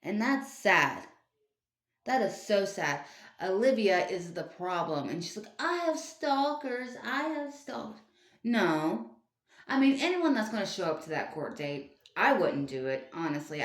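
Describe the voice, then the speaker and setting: In this ranting commentary video, a woman whose voice sits on the low side and sounds a bit bright delivers an indignant tirade. She's an online commentator who scolds by firing off rhetorical question after rhetorical question, and the room's echo is noticeable.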